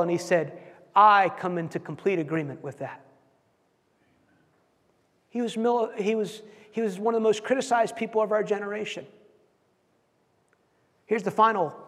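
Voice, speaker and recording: A man preaching a sermon, telling stories and acting out quotes with animated delivery, often repeating words as he goes. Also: sits high, unhurried, long pauses. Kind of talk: sermon storytelling. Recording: long hall reverb.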